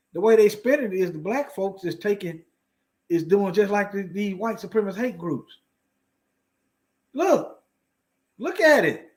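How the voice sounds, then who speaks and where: A man commenting on news articles in a heated, preaching way, firing off rhetorical questions and repeating lines for emphasis. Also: sits high.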